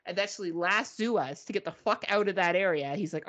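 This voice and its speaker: A woman's voice: medium pitch, expressive, brisk, fairly bright tone. A woman co-hosting a podcast, telling a story in casual chat, swearing freely and mimicking beeping gadgets. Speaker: podcast co-host.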